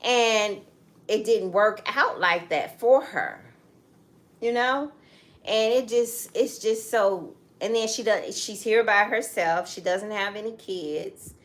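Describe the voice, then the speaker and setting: A middle-aged woman speaks slowly in a mid-range voice as co-host of a casual talk show. She tells a story with emphasis, turning now and then to address the audience directly.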